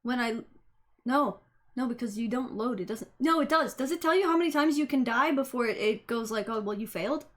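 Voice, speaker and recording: A woman's voice: on the high side, lively intonation, brisk, a bit bright. A woman streaming a video game, talking casually and swearing freely as she reacts and explains. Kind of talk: casual live-stream commentary.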